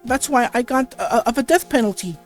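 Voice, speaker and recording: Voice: brisk, soft background music, close to an everyday voice. A reader voicing a desperate male death-row convict, pleading his innocence in a visual novel game. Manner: high, loud, desperate pleading. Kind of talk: reading game dialogue aloud.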